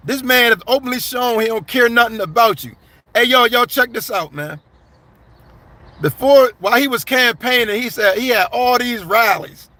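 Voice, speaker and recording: High, bright-voiced man talking straight to viewers. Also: normal speed, no room sound. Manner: blunt, conversational, addresses viewers as y'all and man. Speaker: livestream commentator. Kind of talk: casual live-stream commentary reading chat.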